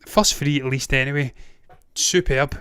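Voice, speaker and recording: At a measured pace, this Scottish movie-news host with a Glaswegian accent uses a mid-range voice that's a bit bright with a clean tone. It's recorded at studio quality without echo, and he rants casually in opinionated commentary, swearing bluntly and drifting into frequent digressions.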